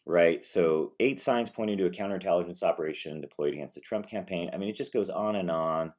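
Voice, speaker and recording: A man's voice: low-pitched, quick pace, darkish tone. Profane sarcastic man ranting politics. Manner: profane, sarcastic, mocking voices, rambling. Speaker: political commentary vlogger. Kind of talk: casual ranting commentary.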